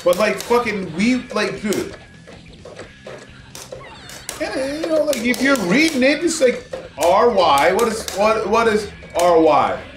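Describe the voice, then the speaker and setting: Animated, rambling California man. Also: sits high, slow, long pauses, background noise. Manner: rambling, animated, swears a lot. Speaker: streamer co-host. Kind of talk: casual gaming stream chat. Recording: echoey room, mic at a distance, music behind.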